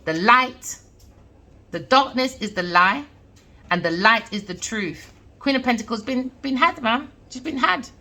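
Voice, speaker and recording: A woman's voice: fairly high pitch, expressive, unhurried, pushed and bright. A woman giving an emphatic, scornful tarot reading, repeating her points. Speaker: tarot reader.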